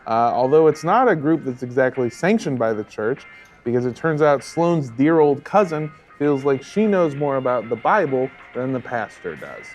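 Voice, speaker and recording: A man's voice: medium pitch, a little mellow. A man narrating as game master of a tabletop role-playing game, laughing often and putting on voices for side characters.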